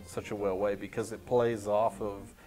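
A man, a film festival director, reviewing short films in a casual podcast chat, talking in halting runs full of restarts. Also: fairly low pitch, little pitch movement, dark tone, faint music behind.

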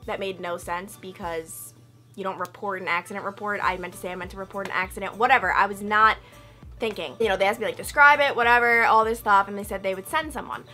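A young woman vlogging, telling a story in a chatty, animated way and acting out quotes with loud high outbursts. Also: quick pace, soft background music. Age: young adult. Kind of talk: casual storytelling vlog.

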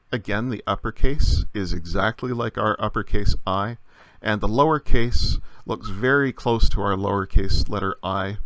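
A man with a low voice teaches a lesson slowly and patiently, often pausing on "uh" as he explains. The sound is dry and close, with no room around it. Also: fairly bright tone, dry recording. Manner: patient explaining with many uh fillers. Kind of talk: recorded language lesson.

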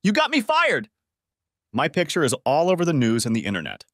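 A man voicing an angry wife who shouts and whines. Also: mid-range voice, sing-song, fast talker, dry recording, clean studio sound. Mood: angry whining. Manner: shouting, whining. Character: angry whining ex-wife, young woman.

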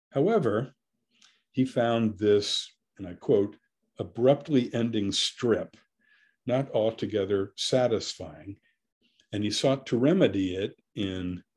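Middle-aged male curator with a lowish voice, lecturing on art in a thoughtful, halting way. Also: a little mellow. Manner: thoughtful, with frequent pauses and fillers. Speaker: curator giving a gallery lecture.

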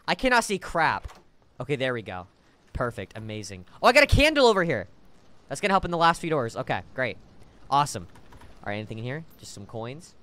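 A man streaming a game live, talking to his chat in an excitable, joking way with sudden shouts. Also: mid-range voice, fairly quick.

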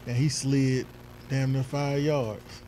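A man co-hosting a casual talk show, speaking at an average pitch. He is an animated storyteller who acts out the voices of other people. There is a faint hum of noise behind him. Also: slow pace, rough recording. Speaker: podcast co-host; youth football coach. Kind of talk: casual chat.

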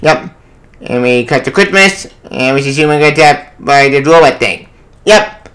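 A man reviewing a comic book in a casual vlog, excitable and rambling, who swears freely. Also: on the high side, normal speed.

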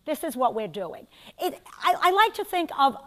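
Lecturing with a New York accent, an older female instructor uses a high, slightly bright voice with big pitch swings. Her quick, chatty asides are often broken up by questions directed at her students.

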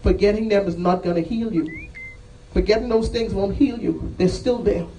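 High-pitched guy preaching hard, keeps repeating himself, sounds kinda far from the mic. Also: normal speed, mellow, slight background noise. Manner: impassioned, repetitive, rising emphatic cries. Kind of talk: sermon with altar call. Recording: voice from a distance off the mic.

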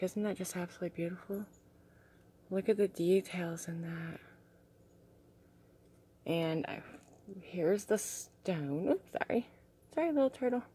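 Young woman, vlogger, excited, gushing, slightly out of breath, lowish voice. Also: slightly rough. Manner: excited, gushing, soft-spoken asides. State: a little out of breath. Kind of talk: casual unboxing chat.

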